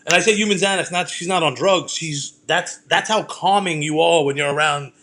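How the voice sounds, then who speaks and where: A middle-aged podcast host from Brooklyn, New York, with a fairly high voice for a man, launches into a profane, rambling monologue of heated stories. He talks casually on his own show at normal speed, his tone bright and forceful.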